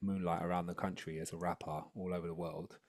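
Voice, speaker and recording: A rapper and educational consultant talking energetically on a video call webinar, then rapping a picture book. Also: male voice, deep voice, fast talker, no echo, clean studio sound. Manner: energetic, upbeat, chatty. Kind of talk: webinar talk and live rap.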